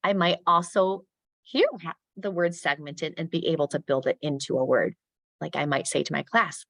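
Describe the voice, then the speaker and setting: A middle-aged woman with a low voice leads a training talk for teachers, recorded dry and close. She sounds out phonemes slowly and crisply, and her voice climbs when she acts out questions to a class. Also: fairly even intonation, a bit bright, dry recording. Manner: models speech sounds slowly and crisply, rising when addressing pupils. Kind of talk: professional development talk for teachers.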